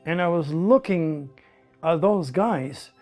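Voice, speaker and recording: A man with a French accent telling his life story in broken English, animated and repeating words as he goes. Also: on the high side, slow pace, soft background music. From France. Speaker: interviewee. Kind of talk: personal storytelling.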